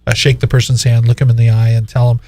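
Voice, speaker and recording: A man's voice: mid-range voice, little pitch movement, quick pace, mellow, no room sound. A middle-aged man hosting a business talk show, chatting casually and laughing often as he tells stories. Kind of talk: casual interview chat.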